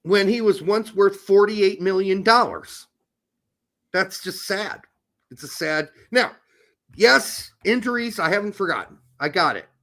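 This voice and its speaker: A man's voice: sits high, unhurried, a bit bright. A man hosting a casual sports talk show, ranting in a heated, profane way. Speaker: podcast host.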